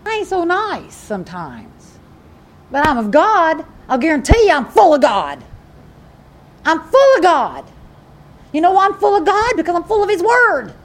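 A woman preaching a sermon in an animated, emphatic way, often repeating her phrases. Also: very high voice, normal speed.

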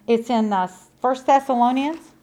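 A woman preaching a sermon, emphatic and repetitive, with folksy asides to the congregation and swings from loud to soft. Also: high-pitched, moderate pace.

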